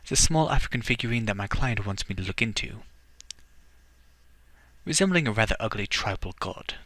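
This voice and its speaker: A composed young cat burglar, smooth and unhurried as he spins his cover story, read by a man for a game. The voice is bright and lively in pitch, recorded close and dry. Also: dry recording. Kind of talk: voice-acted game reading.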